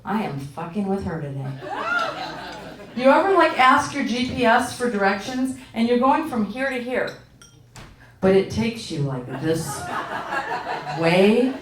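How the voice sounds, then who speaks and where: Middle-aged woman comic, animated, swearing, exasperated; distant, echoey live recording. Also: fairly high pitch, a little slow, slight background noise. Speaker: stand-up comedian. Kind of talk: stand-up routine. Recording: roomy, from far off.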